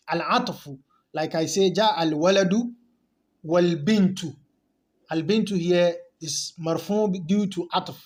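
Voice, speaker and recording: A man teaching an Arabic grammar lesson in English. He explains step by step, repeats key terms and asks rhetorical questions. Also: on the high side.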